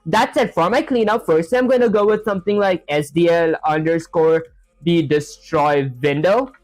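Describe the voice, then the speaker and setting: While coding on a live stream, a man with a fairly high voice talks at normal speed over soft background music, with no echo. He thinks aloud through lots of filler, frequently uses "honestly" and "that said," and reads chat messages out to reply to them.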